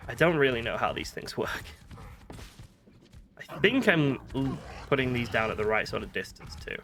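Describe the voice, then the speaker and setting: A man's voice: mid-range voice, big pitch swings, moderate pace, fairly bright tone, a little hiss or hum. A man with a northern British accent chatting casually while playing a video game, thinking aloud and poking fun at himself. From northern Britain. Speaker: gaming streamer. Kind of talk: casual gameplay commentary.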